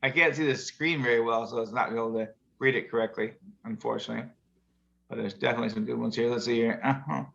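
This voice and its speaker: A man's voice: medium pitch, fairly even intonation, fast, creaky, a bit bright. A man hosting a casual video call show, reading jokes aloud in a rambling, chuckling way. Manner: chuckling, rambling joke-teller. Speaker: show host. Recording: muffled video call audio.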